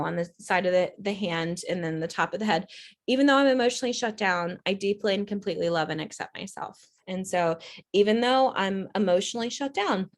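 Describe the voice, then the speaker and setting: A middle-aged woman hosts a casual health talk with a middle-range voice. She speaks loosely and warmly engaged, leaning on fillers, and gets animated when acting out her own past reactions. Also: mid-range voice. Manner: conversational, many fillers, animated when re-enacting herself. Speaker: holistic doctor and channel host.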